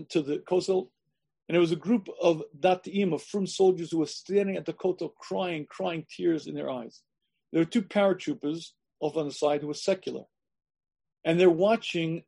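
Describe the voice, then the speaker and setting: A man gives a sermon-style lecture over a video call in a high, mellow voice. He is emphatic, doubles up his phrases and clears his throat often. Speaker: rabbi giving a lecture.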